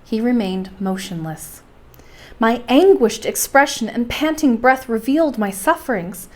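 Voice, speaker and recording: A woman narrating a bedtime story for a library, calm and steady. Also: fairly high pitch, measured pace.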